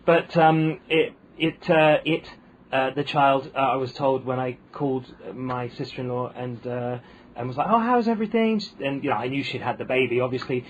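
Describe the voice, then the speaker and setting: A man's voice: medium pitch, level tone, moderate pace, a little hiss or hum, poor audio. A man with a posh British accent, a comedian guest telling wry anecdotes in casual chat, full of ums and restarts. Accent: posh British English.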